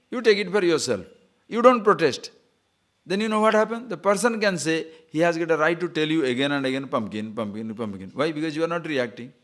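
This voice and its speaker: A man, a spiritual teacher, giving an animated lecture on scripture and acting out little scenes of quoted speech. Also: sits high. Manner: animated, acts out quoted speech, chuckles at own stories.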